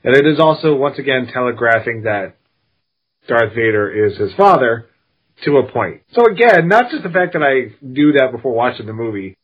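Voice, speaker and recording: A man co-hosting a casual film podcast, offering measured, wry opinions. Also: mid-range voice, expressive, husky, highs cut off. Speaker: podcast co-host.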